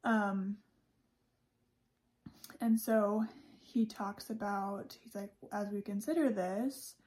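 Woman, podcast host, casual chat, chatty, laughs a lot, warm mellow tone. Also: mid-range voice, steady tone, takes it slowly. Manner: chatty, laughs often, many fillers. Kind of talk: casual talk about a religious speech.

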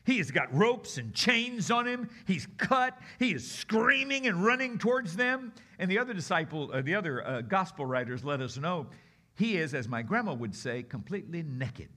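A male guest preacher tells the story with lots of animation, his voice rising and falling over a wide range. His tone is bright and forceful, and he talks in a casual, conversational way, moving from loud bursts to hushed asides. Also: sits high, normal speed. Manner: expressive, conversational, swings between loud and hushed.

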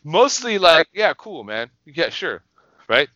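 A man's voice: a little high, big pitch swings, takes it slowly, pushed and bright, no room sound, lo-fi sound. A man co-hosting a casual talk show, ranting in a heated, profane, emphatic way. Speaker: podcast co-host.

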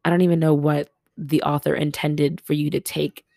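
Low-voiced chatty woman podcaster. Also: little pitch movement, normal speed, vocal fry, no room sound, clean studio sound. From Los Angeles. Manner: chatty, laughs often, exclaims loudly. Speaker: podcast host. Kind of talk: casual solo podcast chat. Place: family home.

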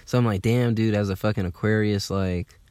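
A young man from telling a casual, animated story, swearing freely and using lots of fillers. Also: on the low side, normal speed, clear, resonant tone, dry recording. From Atlanta, USA. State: slightly hungover.

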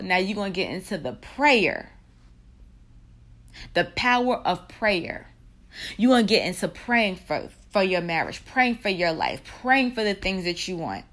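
Earnest woman giving a faith talk. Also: lowish voice. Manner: earnest and preachy, repeating phrases, bursts of excitement. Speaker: Christian women's marriage speaker. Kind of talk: faith talk with guided prayer.

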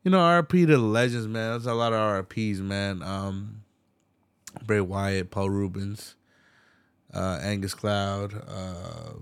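A young man hosting a solo podcast, talking in a laid-back, slangy, heavily swearing way and getting animated when he retells movie scenes. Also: on the low side, clear, resonant tone, no echo. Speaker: podcast host. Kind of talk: casual solo podcast rant.

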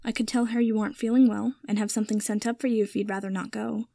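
A woman voicing a proud, upset young wizard man who answers in quick, clipped lines, in a storybook reading. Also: medium pitch, level tone, creaky, dark tone, dry recording, studio quality, close to an everyday voice. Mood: earnest.

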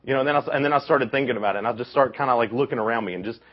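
A young man with a deep, husky voice preaches to a youth camp, storytelling with animated energy and acting out the quotes. The sound is dull and lo-fi. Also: rapid-fire. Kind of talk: casual youth sermon. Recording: dull lo-fi recording.

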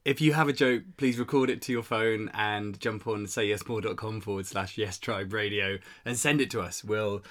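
A man's voice: fairly low pitch, fairly even intonation, normal speed, hardly any pauses, a bit bright. A man co-hosts a community live stream. He sounds upbeat and chatty, reading out plans and invitations in a casual, easygoing way. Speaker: radio show co-host.

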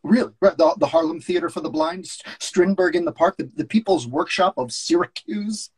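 A man's voice: on the high side, brisk, a little mellow, breathy edge, pitched above the performer's own voice. A man reading the part of a curmudgeonly older talent agent in a script read-through, flustered, stammering and sarcastic.

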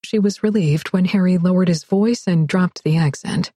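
A woman narrating a romance audiobook in a wry, expressive read. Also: on the low side, moderate pace, slightly rough, no echo, studio quality. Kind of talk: scripted narration.

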